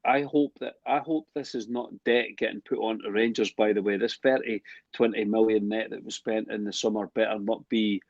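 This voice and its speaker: Brief: low-pitched male co-host, heated ranter, muffled dry remote audio. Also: steady tone, normal speed, creaky, darkish tone, no echo. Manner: ranting, heated. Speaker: podcast co-host. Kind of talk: casual football chat.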